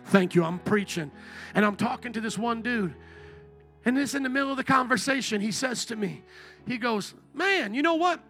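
High-voiced, gravelly preacher man. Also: moderate pace, faint music behind. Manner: lively call-and-response, joking asides; shouts at peaks of praise. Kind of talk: sermon with storytelling. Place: church before a congregation.

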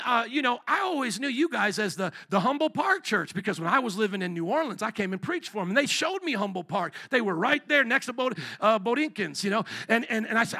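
A man preaching with a high, bright voice that carries a gravelly edge. He builds from storytelling into shouted scripture and calls for amens from the congregation. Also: fast talker, few pauses. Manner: animated preaching, rising to shouts and call-and-response. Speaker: pastor. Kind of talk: sermon.

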